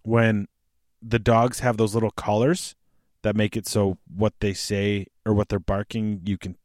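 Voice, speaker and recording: A man's voice: fairly low pitch, level tone, a little slow, a little mellow, no echo, studio quality. A man in his thirties with a Canadian accent, hosting a casual podcast chat, chatty and profane. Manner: chatty, profane, prone to laughing. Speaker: podcast host.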